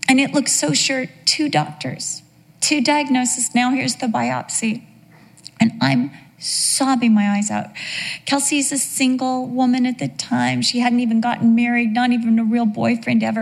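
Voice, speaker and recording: A woman's voice: on the high side, moderate pace, gravelly. A middle-aged woman preaching a sermon, telling a personal story in an emotional, emphatic way. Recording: long hall reverb.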